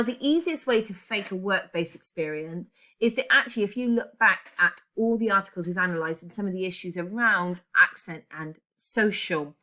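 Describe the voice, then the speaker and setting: A woman's voice: fairly low pitch, pushed and bright. A woman in her forties teaching a class, chatty and digressive, often correcting herself as she goes. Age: 40s. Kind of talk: classroom lesson.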